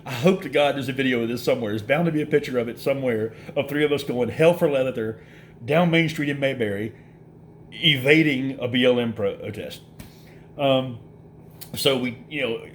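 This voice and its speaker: A middle-aged man with a drawl tells a story in a relaxed, chatty way. His voice sits at an ordinary middle pitch, and he jumps into the other characters' lines as he goes. A faint hiss runs under the recording. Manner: animated storyteller, acts out quoted voices, laughs through it. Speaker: vlogger. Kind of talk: casual storytelling.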